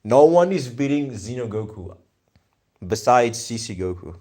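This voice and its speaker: A man's voice: medium pitch, expressive, moderate pace, dark tone. A young man with a Greek accent chatting casually on a live stream, reading viewer comments and thinking aloud in a laid-back, slangy way. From Greece.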